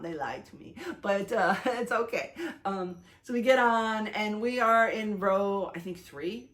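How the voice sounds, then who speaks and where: A young woman vlogger casually retelling her day, chatty and animated, with lots of fillers and self-conscious restarts. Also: mid-range voice, a little slow. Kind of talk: casual storytelling recap.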